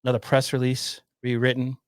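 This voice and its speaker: A man's voice: medium pitch, monotone, fairly quick, smooth, no room sound, clean studio sound. A man hosting a podcast livestream, reacting to a news clip and rambling sarcastically. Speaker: podcast host. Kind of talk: casual livestream commentary.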